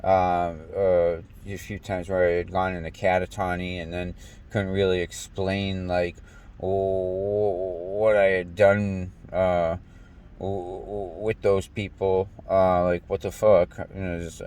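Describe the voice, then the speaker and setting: A man's voice: low voice, level tone, measured pace, darkish tone. A young American man ranting in casual talk, swearing often and stumbling over restarts as he rambles. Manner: profane, rambling, stammers and restarts. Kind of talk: casual rant.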